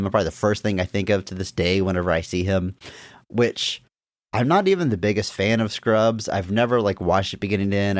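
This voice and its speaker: A man with a fairly low voice co-hosts a casual podcast chat. He talks in a relaxed, measured way, with plenty of ums and restarts. His sound is dry and close to the mic. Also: no echo. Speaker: podcast co-host.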